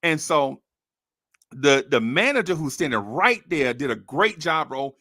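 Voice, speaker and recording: High, gravelly man telling a comic story. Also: unhurried, dry recording, studio quality. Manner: animated, laughs often, calls the listener bro. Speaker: storyteller host.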